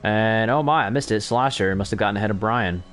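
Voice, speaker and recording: A man's voice: on the low side, brisk, a bit bright. A young man commentating an online racing league in a chatty, self-correcting way that picks up during on-track battles. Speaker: race commentator.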